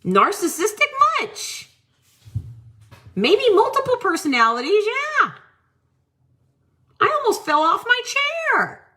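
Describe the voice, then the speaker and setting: A woman's voice: very high-pitched, huge pitch swings, slow pace, pauses often, bright, forceful tone. A woman hosting a live-selling show, ranting on her stream with mocking, exasperated disbelief and free swearing. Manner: swears freely.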